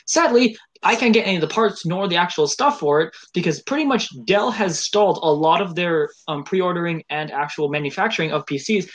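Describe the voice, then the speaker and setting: A man's voice: on the high side, a bit bright. A young man co-hosting a casual podcast from home, rambling with lots of fillers and laughter. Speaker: podcast co-host. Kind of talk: casual chat. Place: home room, remote call.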